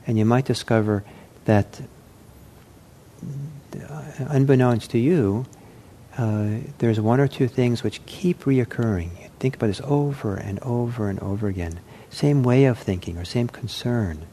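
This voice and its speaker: A man giving an unscripted meditation talk, speaking in a gentle, reflective way with frequent pauses and restarts. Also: mid-range voice, slight background noise. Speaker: meditation teacher.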